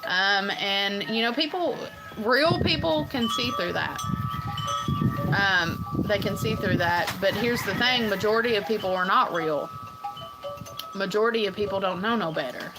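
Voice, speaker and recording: A woman's voice: mid-range voice, a little slow, loud music behind the voice, low-quality recording. A woman talking casually on her own livestream, rambling and earnest with many ums and restarts. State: tearful at times. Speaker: livestream host. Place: farm home.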